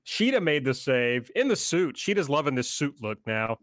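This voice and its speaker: A man's voice: mid-range voice, very animated, normal speed, fairly bright tone, dry recording. A man in casual podcast chat, running through recaps steadily. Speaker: podcast co-host recapping the show.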